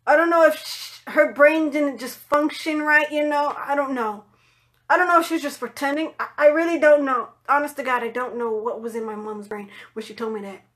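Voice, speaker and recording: A woman with a high voice tells a personal story straight to the camera. She talks in a loose, casual way, swears freely, and puts on other people's voices when she quotes them. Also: brisk. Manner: animated, swearing, acts out quoted voices in higher pitch. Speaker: vlogger telling a personal story.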